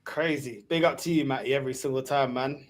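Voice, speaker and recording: A man hosting a casual fan podcast panel, greeting each guest in a relaxed, slangy way. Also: medium pitch, quick pace. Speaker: podcast host.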